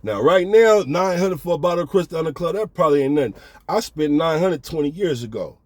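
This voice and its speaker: A man's voice: a little high, expressive, a little fast, no room sound. Laid-back slangy man telling a story. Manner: laid-back, slangy, addresses listener as big baby. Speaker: storyteller host. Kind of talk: casual storytelling.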